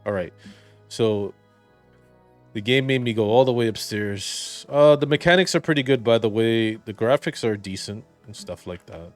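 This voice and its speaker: A man's voice: fairly low pitch, animated, moderate pace, faint music behind. A man giving rambling, jokey let's play commentary and reading the game's dialogue aloud. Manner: rambling, jokey, reads game text aloud. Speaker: gaming video commentator.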